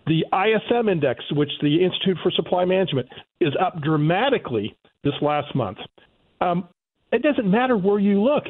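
Over a tinny phone line, a male economist calls in to a talk radio show as a guest. He lectures emphatically and with indignation in a high-pitched, very animated voice at a normal speed.

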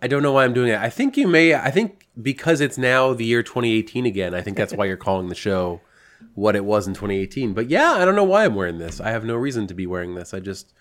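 A man co-hosts a sports podcast, his voice a bit low and slightly hoarse. He talks in easy casual chat with a dry, wry humor. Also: lively intonation, quick pace, fairly bright tone. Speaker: podcast co-host.

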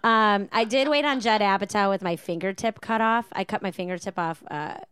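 A woman guest on a podcast telling restaurant stories in a lively, laughing way and mimicking customers' voices. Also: mid-range voice, a little fast, clean tone. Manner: animated storyteller, mimics customers, laughs often. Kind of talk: casual chat.

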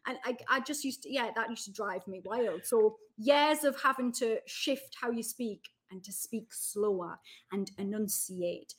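A woman in her thirties with a Geordie accent, chatting as a podcast guest in a lively, storytelling way full of fillers. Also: on the high side, measured pace. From Newcastle, England. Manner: chatty, animated storytelling with lots of "like". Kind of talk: casual chat.

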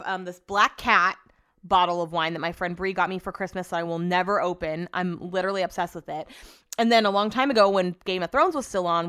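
A woman's voice: mid-range voice, fairly bright tone. Chatty Californian woman podcasting. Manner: rambling, chatty and profane. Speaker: podcast host. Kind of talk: casual solo podcast chat.

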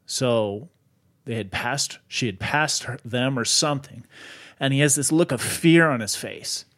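A man's voice: medium pitch, a little slow. Casual man telling a spooky story. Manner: animated, lots of "like" fillers. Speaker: podcast host.

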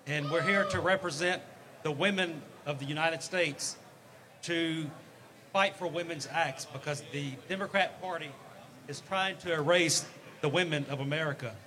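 A man's voice: a little high, moderate pace, pushed and bright. A man speaking earnestly and emphatically at a convention. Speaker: interviewee. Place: convention floor.

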